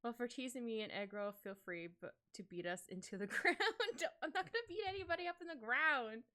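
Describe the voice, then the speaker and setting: Lively, bright-voiced woman streamer. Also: a little high, fairly quick. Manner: rambling, giggly storytelling. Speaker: livestreaming artist. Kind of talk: casual chat while drawing. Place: at home. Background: soft background music.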